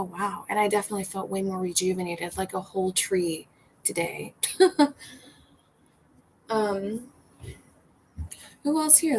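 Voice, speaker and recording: A woman's voice: mid-range voice, gravelly, a little mellow, slight background noise, rough recording. A woman bartender chatting casually to viewers on a livestream, laughing often and swearing freely. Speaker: bartender and comedian hosting a livestream.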